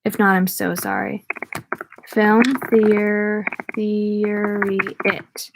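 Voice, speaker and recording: A woman's voice: mid-range voice, level tone, very slow, creaky, background noise. A young woman streaming a book reading, breaking off to chat with viewers in scattered asides. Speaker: read-aloud streamer.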